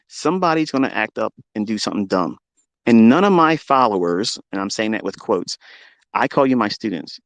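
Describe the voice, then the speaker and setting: A man's voice: mid-range voice, dry recording. Man, trading teacher on a livestream; swears constantly, boastful and combative, dry close sound. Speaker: trading educator. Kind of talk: livestream rant.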